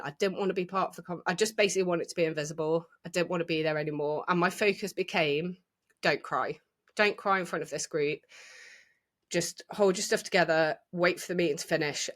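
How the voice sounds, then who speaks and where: Reflective middle-aged woman, slightly low pitch, candid storytelling guest. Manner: open, reflective, with restarts and acted quotes. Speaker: guest sharing her experience.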